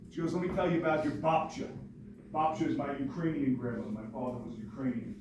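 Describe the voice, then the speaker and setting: A man in his forties from New York, telling a personal story to an audience in a joking, lively way. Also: fairly high pitch, fast, noisy background. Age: 40s. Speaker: motivational speaker. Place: large hall with audience. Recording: echoey hall from far off.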